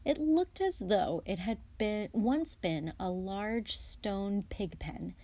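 A woman's voice: medium pitch, animated, takes it slowly, warm tone, no room sound. Woman reading a children's novel aloud. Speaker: guest reader. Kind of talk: audiobook reading.

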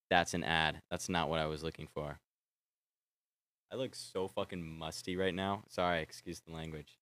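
A young man with a low, deep voice chats casually for his vlog. He gets excitable, swears freely and often trails off mid-sentence before starting over. A film score plays faintly behind him. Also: moderate pace, music in the background. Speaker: vlogger. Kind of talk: casual rambling chat. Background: faint film score playing.

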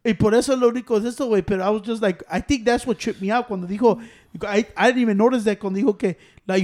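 A man's voice: high voice, very fast, darkish tone. A man co-hosting a podcast, swearing and switching between Spanish and English in casual chat. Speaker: podcast co-host.

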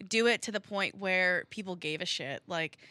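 Bright, effusive young woman podcast host. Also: lowish voice, moderate pace, no room sound. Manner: earnest, effusive, heavy use of "like". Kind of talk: casual podcast chat.

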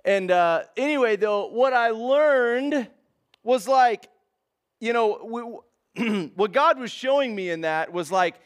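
Pastor, male, high-pitched, easygoing sermon full of "man" and "dude". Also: animated, slow. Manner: casual and conversational, says man and dude.

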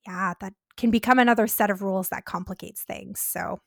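Gentle-spoken woman podcast co-host. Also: mid-range voice, fairly even intonation, brisk, vocal fry, no room sound, studio quality. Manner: gentle, reflective, says "right?" and "you know". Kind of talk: casual podcast chat.

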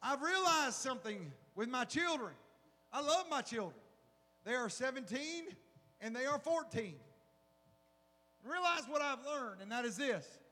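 Middle-aged male pastor, very high voice, lively sermon delivery, long hall echo. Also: unhurried, long pauses. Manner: animated preaching with rhetorical questions.

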